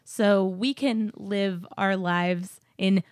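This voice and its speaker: A woman's voice: mid-range voice, fairly even intonation, extremely slow, no room sound, studio quality. Chatty upbeat woman podcast host. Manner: chatty, upbeat, laughs often. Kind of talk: casual chat. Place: new apartment studio.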